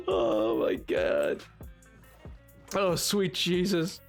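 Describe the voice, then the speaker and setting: High, animated young-sounding streamer man. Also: very slow, gravelly, pauses often, soft background music. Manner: excitable, playful and self-mocking. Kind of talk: live game-stream chat.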